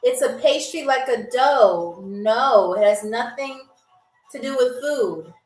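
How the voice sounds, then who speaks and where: A chatty woman hosts a live trivia stream and greets her viewers one by one. Her voice sits high. She is a bit distant from the mic in a roomy space with faint music behind. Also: expressive, slow pace, darkish tone. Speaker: game show host.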